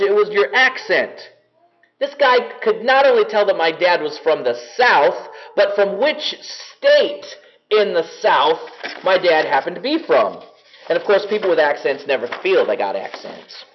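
High, lively-voiced male preacher. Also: highs cut off. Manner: earnest, measured with slowed emphasis. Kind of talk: sermon.

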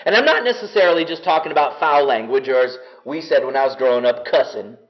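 A man preaching a sermon to a congregation, earnest and measured, slowing down to stress key words. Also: high-pitched, dull audio. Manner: earnest, measured with slowed emphasis.

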